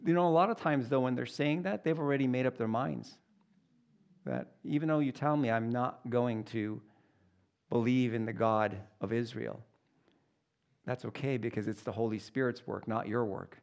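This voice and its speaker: A man preaching, slowly reading scripture aloud and then explaining it in plain, conversational words. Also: vocal fry, a little mellow. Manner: acts out voices with big pitch jumps. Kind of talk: Bible teaching.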